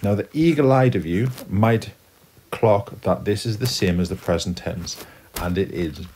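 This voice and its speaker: A man's voice: lowish voice, measured pace, darkish tone, slight background noise. A man teaching Spanish grammar to students, explaining patiently step by step as he writes on a board. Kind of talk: classroom lesson at a whiteboard.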